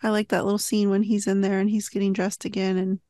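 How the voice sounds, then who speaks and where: A woman chatting as a podcast guest, her voice in a middle range. She talks in an animated, chatty way and laughs a lot. The recording is dry and close. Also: medium pitch, brisk, no room sound. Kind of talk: casual chat.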